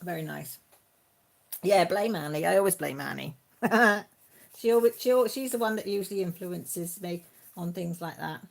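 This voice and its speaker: A woman hosting a casual live stream, chatting warmly with viewers by name and laughing often. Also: on the low side, animated, normal speed, creaky. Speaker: channel host reading live chat.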